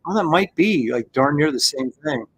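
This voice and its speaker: A man's voice: on the high side, lively intonation, normal speed, a bit bright, breathy edge. A middle-aged man hosting a casual livestream, rambling and chuckling as he reads viewer comments aloud. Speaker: livestream host.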